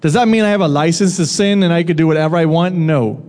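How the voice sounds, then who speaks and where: A man delivering a sermon with a slightly raised pitch, talking to the room as if chatting with it. He puts questions to the crowd and teases them now and then. His voice rings out with a long reverb, as in a large hall. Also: fast, darkish tone. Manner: conversational, asks the audience questions and jokes with them. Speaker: preacher.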